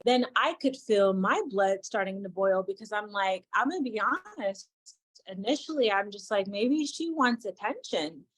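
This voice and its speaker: A woman recounts a personal story in a frank, thoughtful way, slipping into the voices of the people she quotes. Her voice sits at a middling pitch and sounds dry and close, with no room around it. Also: lively intonation, normal speed, a bit bright, dry recording, poor audio. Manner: candid, reflective, acts out quoted dialogue. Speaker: youth mentor.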